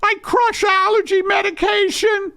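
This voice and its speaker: A man's voice: animated, measured pace, smooth, heavily acted. A man voicing a fretful, indignant older wife in an improvised comedy sketch. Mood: shrill protest. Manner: shrill, indignant, rising to shouts.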